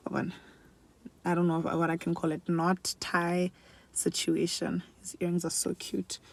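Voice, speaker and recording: A young woman chatting casually to camera in a favourites vlog, animated and laughing often, switching between English and another language mid-sentence. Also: fairly low pitch, gravelly. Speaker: beauty and lifestyle vlogger. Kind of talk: casual chat.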